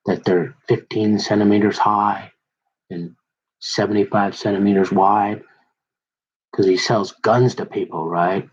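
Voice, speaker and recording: Man, husky voice, low-pitched, folksy rambling rant, dull lo-fi sound. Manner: folksy, colloquial, meandering with restarts.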